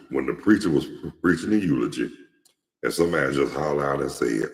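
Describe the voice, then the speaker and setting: A bass-voiced man with vocal fry speaks directly to viewers of his own show, casual, slangy and outspoken, rambling and often restarting or repeating himself. The room is echoey, with long reverb.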